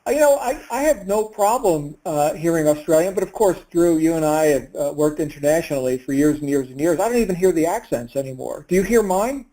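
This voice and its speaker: Guy hosting a coaching call, kinda high mellow voice, lots of uhs and restarts. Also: animated, a little fast, few pauses, low-quality recording. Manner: hesitant, many fillers and restarts. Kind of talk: introducing a guest on a group call.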